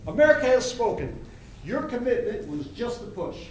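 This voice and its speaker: A man performing a brash Hollywood agent, pitched high and full of wisecracking salesman patter. Heard in a live stage play, picked up from far off across a very echoey theater with faint hiss. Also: very animated, normal speed. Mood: pushy. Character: brash fast-talking male Hollywood agent. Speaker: stage actor.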